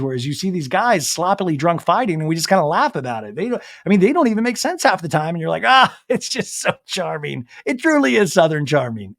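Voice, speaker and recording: A man hosting a podcast, recapping a reality show in a lively casual way and acting out the cast's lines. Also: a little high, no room sound, clean studio sound. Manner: animated, acts out cast members' lines in put-on voices. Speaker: podcast host.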